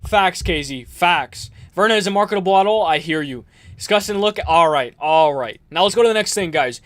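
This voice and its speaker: Young guy streaming from his room, kinda high voice, dry close sound, rambling and fired up about refs. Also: normal speed, no room sound. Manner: animated, rambling, outbursts of shouting. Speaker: MMA livestream host. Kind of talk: casual livestream rant. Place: home room.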